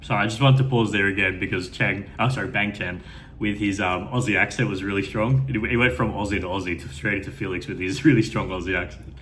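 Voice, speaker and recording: Guy with a lowish voice gushing through a reaction vid, lots of um and like, faint hiss behind. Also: fairly even intonation, quick pace, fairly bright tone. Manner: enthusiastic, rambling, many fillers and restarts. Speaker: music video reactor. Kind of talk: unscripted first-time reaction commentary.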